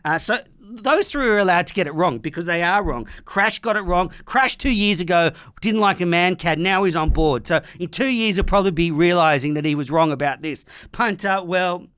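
A man's voice: high voice, moderate pace, fairly bright tone, smooth, no echo, clean studio sound. An Australian man hosting a podcast, delivering an angry, profane comedic rant. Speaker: podcast host. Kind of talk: comedic ranting monologue.

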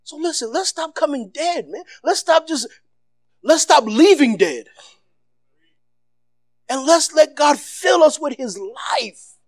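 Loud and animated, a man preaches a sermon as pastor, using casual slang and repetition and swinging between shouts and soft, low passages. He speaks at a slow pace with long pauses, and there's no room sound.

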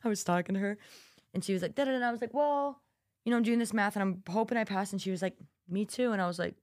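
A woman's voice: mid-range voice, fast, darkish tone, dry recording, clean studio sound. A young woman who is a college student co-hosting a podcast, chatting casually and acting out the quotes in her stories. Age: young adult. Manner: chatty storyteller, acts out quotes. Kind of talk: casual chat.

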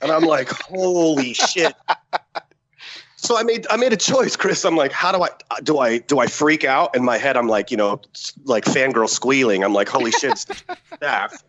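Guy telling old army stories on a podcast, swears a lot, does the voices, middle pitch. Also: brisk, lo-fi sound. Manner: profane, animated, acts out quoted dialogue. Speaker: podcast guest, former Special Forces soldier. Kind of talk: casual war-story telling.

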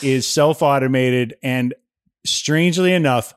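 This podcast co-host talks a little slowly in a clean-toned, mid-range voice, telling a story in casual chat. He animates it by acting out other people's lines, and the clean studio recording has no room sound.

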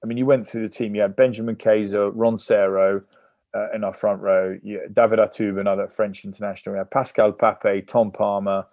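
A man, a former rugby player, telling lively stories as a guest in a casual podcast interview. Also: lowish voice, a little fast, dry recording. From England. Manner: lively anecdotal storytelling.

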